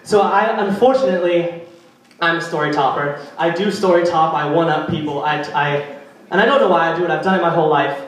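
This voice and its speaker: A man's voice: on the high side, brisk. A young man performing a stand-up routine at a live venue, chatty and rambling, teasing the audience. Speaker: stand-up comedian. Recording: echoey venue, far from mic.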